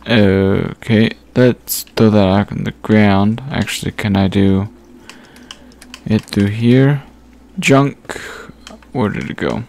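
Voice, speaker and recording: A man giving casual gameplay commentary, thinking aloud as he sorts through items with frequent pauses and fillers. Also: lowish voice, a little mellow. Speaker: gaming channel host.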